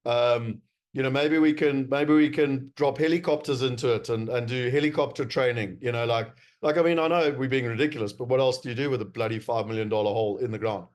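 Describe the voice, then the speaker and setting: A man's voice: medium pitch, fast talker. A man with a South African accent giving a presentation to investors, emphatic and wry, with many fillers. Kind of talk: presentation talk.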